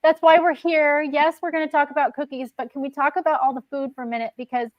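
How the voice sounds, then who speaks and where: A woman hosting a casual chat, enthusiastic and giggly, talking warmly with her guest. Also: high-pitched, flat delivery, fast talker, no room sound, highs cut off. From United States. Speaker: host.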